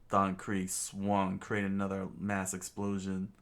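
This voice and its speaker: A man reading a comic aloud in a casual way, halting with restarts and fillers. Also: low voice, level tone. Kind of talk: casual comic read-along.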